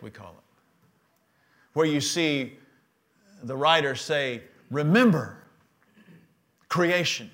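A pastor with a slightly high voice leads his congregation in call-and-response. His sermon swings between loud declarations and quiet, hushed passages.

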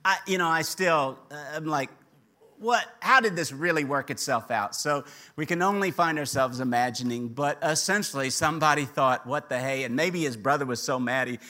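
Animated male preacher, bright voice. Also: fairly high pitch, normal speed. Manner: animated, acts out the characters' voices. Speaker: pastor. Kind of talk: sermon.

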